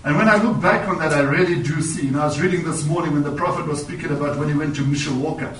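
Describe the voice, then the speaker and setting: A man's voice: on the high side, very fast, a little hiss or hum. A man preaching in a church, telling a personal story in a sermon and returning to "you know" as he goes. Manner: storytelling, repeats "you know", rises in emphasis. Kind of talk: sermon testimony. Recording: echoey, distant church mic.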